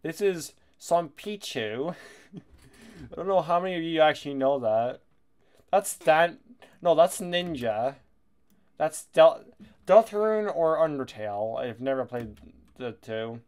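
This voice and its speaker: A man giving casual, excitable commentary over a video game, laughing and swearing often. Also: fairly high pitch, takes it slowly, long pauses. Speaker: gaming YouTuber.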